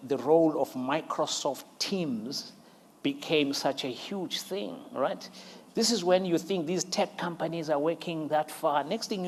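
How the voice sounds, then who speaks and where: A man hosting a conversational interview, telling lively stories and laughing often as he acts out quotes. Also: on the high side. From South Africa. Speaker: interview host.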